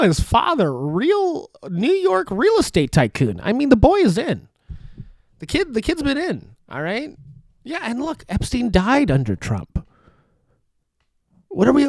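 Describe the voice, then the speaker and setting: A man's voice: extremely high pitch, wildly swooping pitch, a little slow, vocal fry, a little mellow, no room sound. A young man hosting a podcast from his studio apartment, ranting with sarcasm, cursing, laughing often and trailing off. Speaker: podcast host. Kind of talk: casual ranting commentary. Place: studio apartment at a foldable table.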